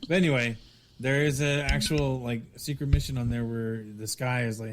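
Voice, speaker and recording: Male podcast co-host, middle pitch, stop-start storytelling. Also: fairly even intonation. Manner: halting storytelling with restarts. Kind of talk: casual podcast chat.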